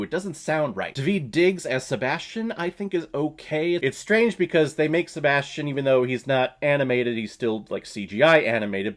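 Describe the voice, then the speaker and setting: A man hosting his own movie review vlog, talking casually and emphatically and laughing often. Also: medium pitch.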